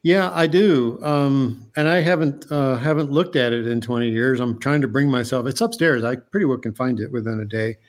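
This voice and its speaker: A man's voice: medium pitch, moderate pace, few pauses. A man, an underwater diver and cameraman, recounting a story as a guest in a casual interview, earnest and full of restarts and fillers.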